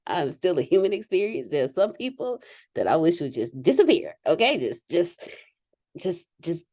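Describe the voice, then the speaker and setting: A woman hosting a casual group call, animated and candid, laughing often as she talks. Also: fairly low pitch, moderate pace, no room sound, studio quality.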